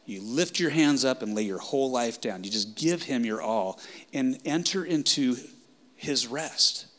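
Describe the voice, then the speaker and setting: A man preaching a sermon with passion, swinging from loud outbursts down to hushed whispers. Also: medium pitch, lively intonation, measured pace.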